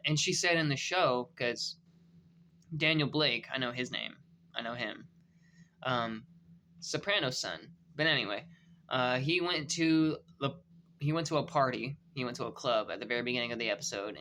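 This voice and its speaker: A man's voice: medium pitch, pushed and bright, a little hiss or hum. A young man giving a loose, profane, slangy review of a TV episode. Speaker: show reviewer. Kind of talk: casual review chat.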